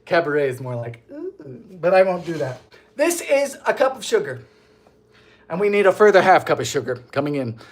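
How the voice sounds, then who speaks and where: Animated man hosting a live bake. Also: on the high side, a little fast. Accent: mild Bermudian. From Bermuda. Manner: animated, theatrical, jokey. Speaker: baking show host. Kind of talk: live-stream baking chat.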